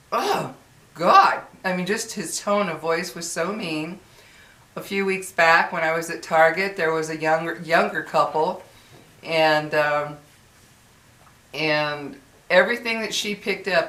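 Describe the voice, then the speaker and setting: A woman's voice: lowish voice, a bit bright, echoey room. A woman vlogger venting in a casual, exasperated monologue full of fillers and restarts.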